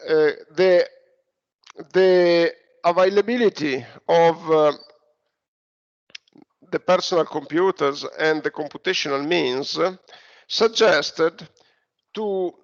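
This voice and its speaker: High-sitting and marked by vocal fry, this Italian-accented man's voice comes through a dull, lo-fi recording. He's from Italy, delivering an online university lecture hesitantly, with frequent fillers and restarts.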